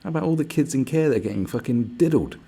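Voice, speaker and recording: A man's voice: medium pitch, lively intonation, quick pace, gravelly, dark tone, slight background noise. A man hosting a livestream, ranting sarcastically with lots of swearing. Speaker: livestream host. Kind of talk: livestream rant.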